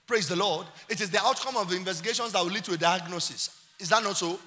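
This animated sermon comes quickly from a male pastor with a Nigerian accent, whose high, bright, sharp voice drops to quiet asides and climbs to shouts. The church hall's long reverb follows every phrase.

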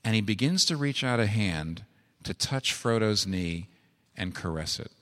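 A man preaching a sermon, earnest and pleading, who swings from quiet storytelling to urgent, climbing exhortation. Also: lowish voice, expressive, measured pace, long reverb tail.

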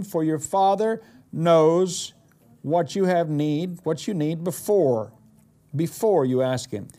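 A male pastor preaches dramatically and emphatically in a high, lively voice that swoops up and down. He draws out key words in slow declarations and rushes through his side remarks.

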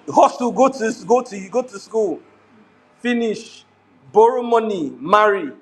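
With a high voice and an unhurried pace, a middle-aged Nigerian man preaches as a pastor in his Nigerian accent. The sermon is animated, drifting into pidgin, with frequent laughter.

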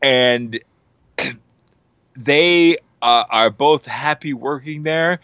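A man's voice: mid-range voice, drawn-out words, fairly bright tone, smooth, dry recording. A man on a casual podcast, rambling enthusiastically about a TV series with lots of fillers and restarts. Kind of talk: casual show recommendation.

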